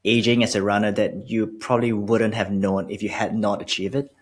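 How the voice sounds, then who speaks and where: A man hosting an interview, asking relaxed, conversational questions. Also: on the low side, brisk. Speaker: podcast host.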